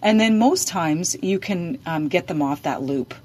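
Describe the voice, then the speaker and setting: A woman's voice: fairly low pitch, expressive, a little slow, a little mellow. A woman giving practical advice on dementia caregiving, speaking hesitantly with frequent fillers and restarts. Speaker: dementia care advisor. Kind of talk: advice in a podcast conversation.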